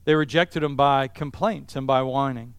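A man's voice: mid-range voice, steady tone, moderate pace, clear, resonant tone, no room sound, studio quality. A middle-aged male pastor preaching a sermon in an emphatic style, stacking repeated phrases for effect. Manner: emphatic, repetitive preaching cadence.

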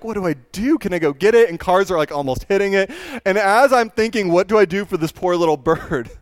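Man, young adult, storytelling talk, smooth clear voice, fairly high pitch, dry close sound. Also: no echo. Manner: animated, self-deprecating storytelling with many fillers. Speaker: speaker telling a personal story.

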